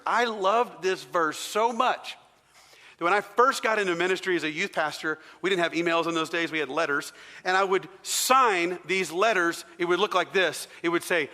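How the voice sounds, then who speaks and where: Bright-voiced preacher in a reverberant hall. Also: male voice, sits high, normal speed. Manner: conversational, engages the congregation with questions. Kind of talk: sermon. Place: large church hall.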